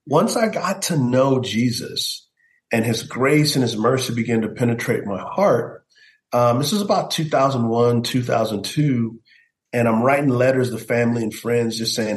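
A man's voice: medium pitch, lively intonation, moderate pace, reverberant. A middle-aged man, a pastor and guest, telling a personal testimony in an earnest storytelling way and acting out the voices he quotes. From United States.

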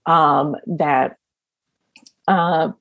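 Woman podcast guest, low-ish gravelly voice, unhurried, chatty, laughs a lot. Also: steady tone, fairly bright tone, no room sound. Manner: laughs often while talking; rambling, with many fillers and restarts. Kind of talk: casual interview storytelling.

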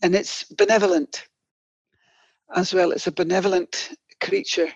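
A woman historian with a Scottish accent, telling stories in an expressive, chatty way as an interview guest. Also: on the low side, a little slow, vocal fry, husky, dry recording. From Scotland. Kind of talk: animated storytelling interview answers. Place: office in Orkney. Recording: dull, dry lo-fi audio.

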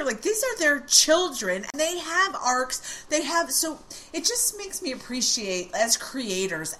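A woman's voice: sits high, fairly bright tone. A woman podcast host speaking earnestly in casual chat. She is reflective and swears casually.

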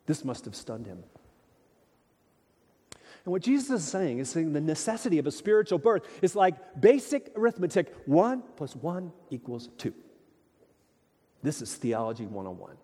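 Animated high-voiced preacher in a reverberant hall. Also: male voice, moderate pace, pauses often, breathy edge. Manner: animated, emphatic preaching with rhetorical questions. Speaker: pastor. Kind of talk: sermon. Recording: long reverb of a large hall.

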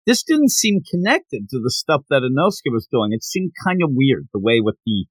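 Animated man rambling through a manga recap. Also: medium pitch, normal speed, no echo, low-quality recording. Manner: rambling, animated, acts out quoted lines. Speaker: podcast host. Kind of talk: casual chat recapping a manga chapter.

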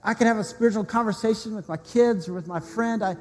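A man's voice: high-pitched, quick pace. A male pastor preaching a sermon with earnest, heartfelt storytelling and leading prayer. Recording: long hall reverb, soft music behind.

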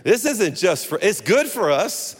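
Guy in his sixties preaching, kinda high voice, big echoey church. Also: unhurried, slightly rough. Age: 60s. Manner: animated storytelling with humor. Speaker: guest pastor. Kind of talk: sermon. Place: church sanctuary. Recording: long hall reverb.

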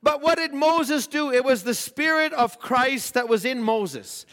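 A man preaches a sermon in a fairly high voice, reading scripture and voicing quoted prayers. His emphasis swells as he presses his points. A long reverb trails each phrase. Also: unhurried, fairly bright tone.

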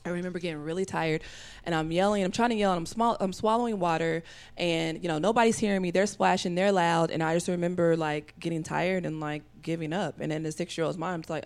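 A woman telling a long personal story as a podcast guest, rambling with fillers and acting out other people's voices with big jumps in pitch. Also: fairly even intonation, fairly quick, smooth. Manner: talks in rambling runs with many fillers.

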